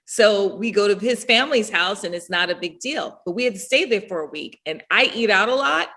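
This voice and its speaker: A middle-aged woman, a podcast guest, telling stories in casual chat, animated and laughing often as she acts out what people said. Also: medium pitch, fairly quick.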